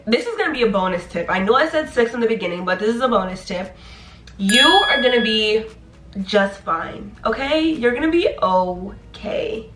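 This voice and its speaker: A young woman in her twenties giving animated, encouraging advice in a casual vlog. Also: medium pitch. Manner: animated, chatty, playful, encouraging. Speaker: nursing graduate vlogger. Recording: echoey room.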